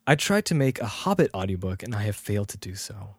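A man's voice: on the low side, sing-song, fast, breathy edge, no room sound, clean studio sound. A man co-hosting a casual podcast, rambling and self-deprecating, with his voice often trailing off. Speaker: podcast co-host.

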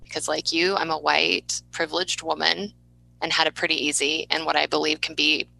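A woman hosting a podcast, heartfelt and rambling, often restarting her sentences. Her voice is lowish but bright, with gravelly fry and a dry close sound. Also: level tone, brisk, low-quality recording. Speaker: podcast host. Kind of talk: interview conversation.

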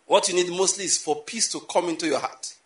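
A man preaching a sermon, animated and repetitive, full of rhetorical questions. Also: high-pitched, brisk, echoey room. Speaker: pastor.

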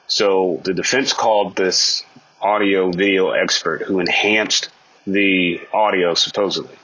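A man with a low, husky voice breaks down a court case in a persuasive, argumentative way. He keeps throwing rhetorical questions at the listener and acts out the quotes he cites. The recording sounds dull and lo-fi. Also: steady tone, measured pace, pushed and bright.

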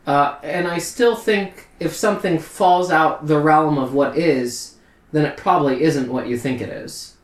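A man's voice: fairly high pitch, measured pace, close to an everyday voice. A man voicing a skeptical, matter-of-fact female scholar who lectures and dismisses ideas. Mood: dismissive. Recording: roomy echo.

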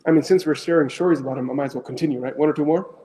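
A middle-aged man, an Islamic scholar with as his tongue, tells stories to an audience in an animated way, asks his listeners questions and mixes in phrases. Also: fairly high pitch, very fast, a little hiss or hum. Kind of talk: storytelling talk to an audience.

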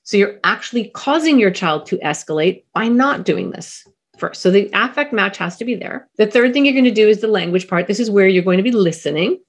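A middle-aged woman, a parenting expert guest on a podcast, explaining with energy and acting out quick voices of parents and a pilot. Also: mid-range voice, animated.

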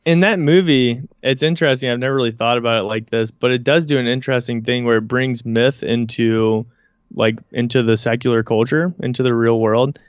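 An easygoing man co-hosting a podcast, musing aloud in casual slang. His medium-pitched voice comes through a dry, slightly dull-sounding microphone. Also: fairly even intonation, brisk, no echo. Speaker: podcast co-host. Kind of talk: casual chat.

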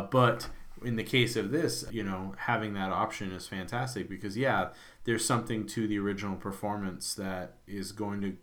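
An American man with a fairly low voice co-hosts a film podcast. He talks in a relaxed, chatty way with loose, wandering phrasing. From United States. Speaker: podcast co-host. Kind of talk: casual film discussion.

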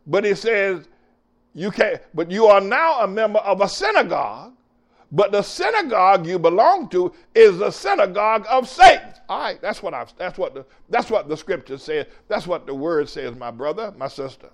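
Older male preacher, gravelly, lively pitch that swings high. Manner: preachy, rising to shouts, drawn-out emphatic lines. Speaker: pastor. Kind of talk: sermon.

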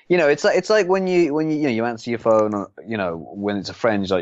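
A man's voice: medium pitch, fast, few pauses, dry recording, dull audio. A man co-hosting a casual film discussion who jokes constantly, laughs often and uses slangy "mate" talk. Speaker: podcast co-host, film reviewer.

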